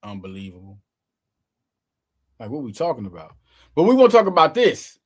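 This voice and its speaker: A man's voice: a little high, huge pitch swings, moderate pace, breathy edge. A man hosting his own sports show, giving casual, slangy, emphatic commentary straight to his viewers.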